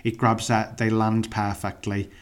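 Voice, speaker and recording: A man's voice: fairly low pitch, completely flat delivery. A man co-hosting a podcast, chatting casually and enthusiastically about a film. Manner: enthusiastic, chatty, quick to laugh. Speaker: podcast co-host. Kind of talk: casual film discussion chat.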